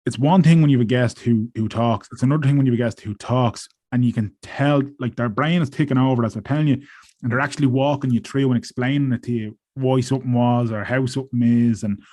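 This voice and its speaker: A man's voice: mid-range voice, fairly even intonation, fast talker, mellow. A man co-hosting a podcast, talking in a chatty, frank way. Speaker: podcast co-host. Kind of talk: casual podcast conversation.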